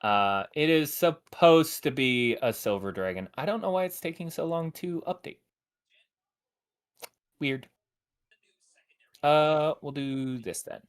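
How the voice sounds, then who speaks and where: A man running a tabletop game on a live stream, narrating with many pauses and fillers. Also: on the high side, smooth. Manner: hesitant, many fillers, apologetic. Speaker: game master.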